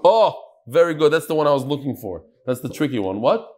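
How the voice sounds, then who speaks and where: Animated man teaching a Talmud class. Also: a little high, a little fast. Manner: animated, quizzes students, mixes Hebrew and Aramaic terms.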